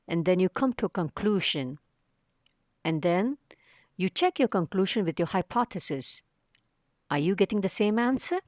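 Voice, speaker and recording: A woman's voice: fairly low pitch, darkish tone, no room sound, studio quality. A woman teacher giving a recorded science lesson to children, explaining step by step and asking rhetorical questions.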